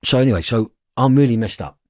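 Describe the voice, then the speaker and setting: A man's voice: mid-range voice, lively intonation, quick pace, a little mellow, no room sound, clean studio sound. A man with a London accent, a guest telling a raw personal story in an interview, blunt and swearing freely. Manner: blunt, swears, acts out dialogue.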